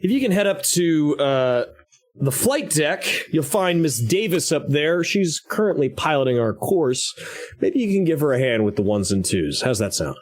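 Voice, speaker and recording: A man's voice: fairly high pitch, very animated, normal speed, pitched above the performer's own voice. A man voicing a stern, no-nonsense woman starship captain giving orders. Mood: commanding. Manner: curt, commanding.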